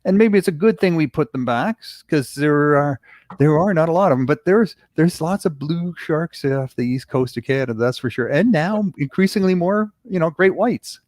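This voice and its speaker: A man's voice: on the high side, animated, moderate pace, a little mellow, dry recording, studio quality. A man, a guest on a fishing show, talking earnestly in casual chat and repeating phrases as he thinks.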